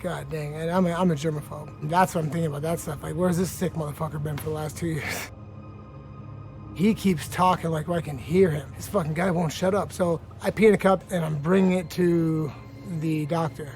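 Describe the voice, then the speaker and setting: Fighter guy telling his story, swears a lot, bit higher voice, music behind. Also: a little mellow. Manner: blunt, profane, laughing at himself. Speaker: fighter interviewed in a documentary. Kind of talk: candid interview storytelling. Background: background music.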